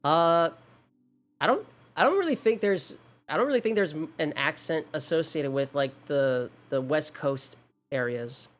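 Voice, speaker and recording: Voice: mid-range voice, expressive, normal speed. A streamer chatting casually during a game, rambling with many restarts and thinking aloud. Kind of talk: casual livestream chat.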